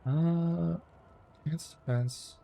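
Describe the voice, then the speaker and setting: Laid-back gravelly streamer. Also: male voice, on the high side, drawn-out words, warm tone, slight background noise. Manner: laid-back, chatting with viewers while playing. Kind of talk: casual gameplay commentary.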